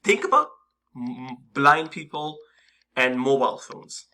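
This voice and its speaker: A man walks through a screen-recorded coding lesson with a bright, forward voice. He talks casually and hesitantly, filling gaps with ums and restarting sentences. Keyboard typing clicks sit behind his voice. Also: medium pitch, animated, unhurried. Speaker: coding instructor.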